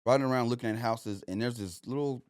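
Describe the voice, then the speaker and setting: A man's voice: medium pitch, fast talker, dry recording, clean studio sound. A young man, a podcast guest telling his story loosely, with lots of "like" and "you know". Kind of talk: casual storytelling.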